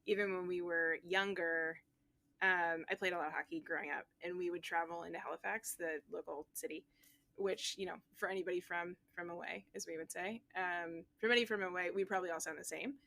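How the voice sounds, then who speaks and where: Bright-toned Nova Scotian woman, thoughtful. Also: on the low side, fairly even intonation, fairly quick, gravelly. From South Shore of Nova Scotia, Canada. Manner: thoughtful, candid, with frequent "um". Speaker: physics teacher, interviewee. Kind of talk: reflective interview answer.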